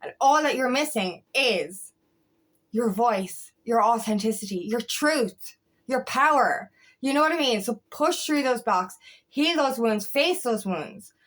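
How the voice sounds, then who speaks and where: A woman's voice: on the high side, lively intonation, unhurried, fairly bright tone. A young woman coach giving a fiery motivational talk, swearing often and repeating herself for emphasis. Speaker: empowerment coach. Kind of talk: impassioned motivational monologue.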